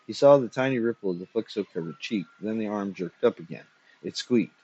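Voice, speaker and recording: Low, husky male story reader. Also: lively intonation, fairly quick, a little mellow. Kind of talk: dramatic story reading. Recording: dull lo-fi recording.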